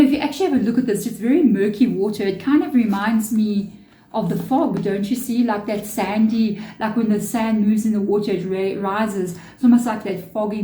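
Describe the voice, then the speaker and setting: A woman's voice: mid-range voice, mellow, echoey room, poor audio. A woman giving a chatty, earnest tarot reading to her viewers, with spiritual asides. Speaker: tarot reader.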